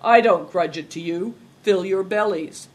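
A reader voicing a gruff, insolent grown man who mocks and boasts loudly in an audiobook. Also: mid-range voice, a little slow, natural voice. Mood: loud, mocking. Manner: loud, mocking, laughing. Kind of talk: audiobook character reading.

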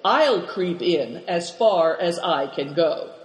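A storybook reader voicing a gruff, curt boy who shows he cares in his own rough way, heard with a roomy hall reverb. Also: mid-range voice, lively intonation, takes it slowly.

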